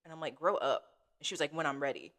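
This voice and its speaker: A woman's voice: low-pitched, lively intonation, fast, fairly bright tone. A woman co-hosting a podcast, chatting casually and acting out quoted lines as she tells a story. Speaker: podcast co-host.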